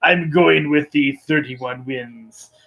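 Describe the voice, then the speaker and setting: A man hosting a live-streamed sports show, walking through baseball matchups at an easy, slow pace. His voice sits a little above the usual male range. He fills gaps with ums and uhs and chuckles now and then. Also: a little high, vocal fry, dull audio. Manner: relaxed, filler-heavy, chuckling. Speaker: host.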